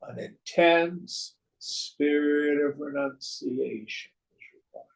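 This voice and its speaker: A man giving a slow, measured spiritual talk on scripture, his voice trailing off softly at the ends of phrases. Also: a little high, steady tone, creaky, poor audio. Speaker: spiritual teacher.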